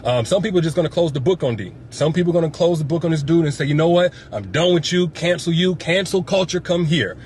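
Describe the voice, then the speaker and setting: A man speaking earnestly in a mock-sincere statement that turns into a sales pitch. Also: fast, hardly any pauses, a little mellow, slight background noise. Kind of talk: parody sponsored pitch.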